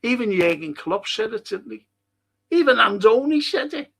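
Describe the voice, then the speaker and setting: A man's voice: high-pitched, very animated, normal speed, creaky, fairly bright tone. A man with a Liverpool accent hosting a fan stream, rambling through viewer comments, swearing freely and laughing at his own stories. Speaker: host of a fan live stream. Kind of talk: casual chat reading viewer comments.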